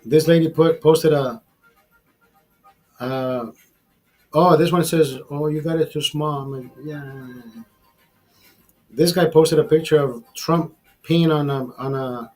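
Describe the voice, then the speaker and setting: A man talks casually on his livestream with a slightly raised, husky voice. He rambles, repeats phrases and swears freely. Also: on the high side, steady tone, slow, pauses often, a little mellow, soft background music. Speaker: livestream host.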